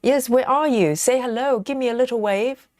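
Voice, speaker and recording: A woman hosting a relaxed live stream from home, chatting with viewers and reading their comments aloud, with plenty of ums and you-knows. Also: on the high side, moderate pace, no room sound. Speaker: livestream host. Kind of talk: casual live chat while stitching.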